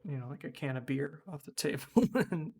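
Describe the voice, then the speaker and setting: A man's voice: on the high side, expressive, normal speed, vocal fry, dark tone, breathy edge. A man running a tabletop horror game as game master, describing scenes loosely with many fillers.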